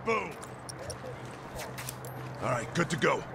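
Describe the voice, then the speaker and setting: A man's voice: on the high side, sing-song, slow, creaky, heavily acted. An actor playing a male soldier in a combat game, giving clipped battlefield callouts. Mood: terse callouts. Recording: in-game audio with loud background noise.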